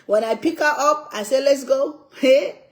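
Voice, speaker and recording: Older woman from Africa, fairly high voice, emphatic casual talk, repeats herself. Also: unhurried, poor audio. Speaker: cooking vlogger. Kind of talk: casual chat while eating.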